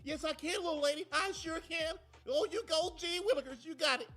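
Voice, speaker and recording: A man's voice: a little fast, bright, forceful tone, soft background music. A man voicing a doting dad in a sugary, overly cheerful sing-song voice. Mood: gushing. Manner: high-pitched, overly cheerful, gushing.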